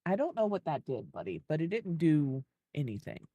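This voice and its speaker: A woman's voice: low-pitched, very animated, moderate pace, dark tone, slightly rough, dry recording, lo-fi sound. A woman giving casual gameplay commentary, thinking aloud as she builds and cooing baby talk at an animal. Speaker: gaming video creator.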